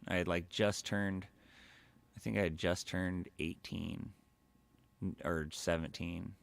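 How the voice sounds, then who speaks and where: A man's voice: sits low, steady tone, slow pace, creaky. A man telling a story on a live stream in a rambling, profane, casual way, full of filler words. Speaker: livestreamer.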